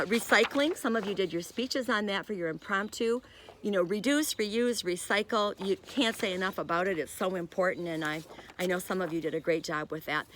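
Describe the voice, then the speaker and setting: An older woman lecturing students in a loose, conversational way. Her voice sits on the low side, and she drifts into personal stories between points. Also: fairly bright tone, slight background noise. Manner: chatty, rambling with personal asides. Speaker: instructor. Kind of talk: recorded lecture.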